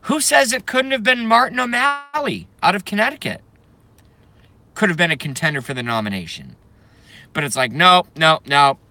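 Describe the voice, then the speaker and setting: A man from the United States delivering an angry, profane rant to camera, breaking into shouted bursts. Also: high-pitched, sing-song, normal speed, gravelly, long pauses. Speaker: vlogger.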